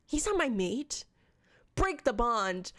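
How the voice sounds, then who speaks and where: A woman voicing a young heroine who pleads in a high, whiny, overdramatic way. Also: sing-song, takes it slowly, a bit bright, full character voice. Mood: pleading.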